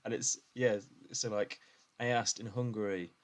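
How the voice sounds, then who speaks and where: A man from northern England talks in a loose, rambling way during a relaxed podcast chat. His voice sits fairly low, and he sounds amused as he wanders between points. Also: normal speed. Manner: rambling, amused, breaks into impressions. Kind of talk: casual chat.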